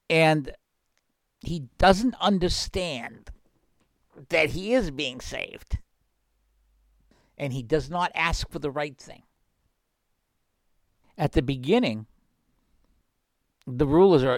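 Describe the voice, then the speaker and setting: A man's voice: a little high, animated, slow pace, long pauses, dry recording. A man hosting a radio prayer show, reading scripture and explaining it in an earnest, plain-spoken way, repeating phrases for emphasis.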